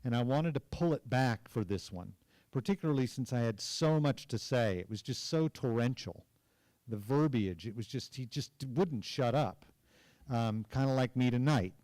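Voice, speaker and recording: A man in his fifties from Oklahoma, an actor telling animated stories with hesitations in an onstage conversation. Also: medium pitch, normal speed, dry recording. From Tulsa, Oklahoma. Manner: animated anecdotes with hesitations and acted quotes. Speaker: guest actor. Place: cinema stage before an audience.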